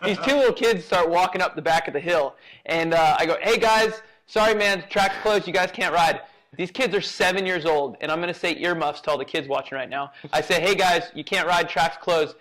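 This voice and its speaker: A man co-hosting a podcast, telling a story in a light, joking way. His voice sits a little high for a man. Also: a little fast, fairly bright tone, low-quality recording. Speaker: podcast co-host, track operator. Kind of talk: casual podcast chat.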